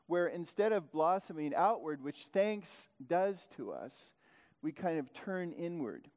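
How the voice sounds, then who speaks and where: A man's voice: high-pitched, a little mellow. Man preaching in a reverberant hall. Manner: rambling, self-correcting, many restarts. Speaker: pastor. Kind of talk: sermon.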